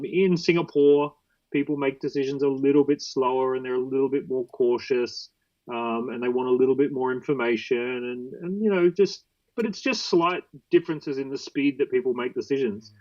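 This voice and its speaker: A man talking as a podcast guest, telling lively anecdotes and acting out the quotes. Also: medium pitch, lo-fi sound. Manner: animated anecdotes with acted-out quotes. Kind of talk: storytelling interview talk.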